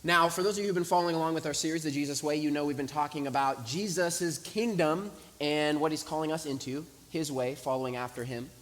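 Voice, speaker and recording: A man's voice: on the high side, fast, hardly any pauses. A young man, a pastor for young adults, preaching a casual, conversational sermon and acting out a story. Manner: animated storytelling, voices the people in his story; casual, talks to the congregation directly. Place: church sanctuary. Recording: hissy room recording with long hall reverb.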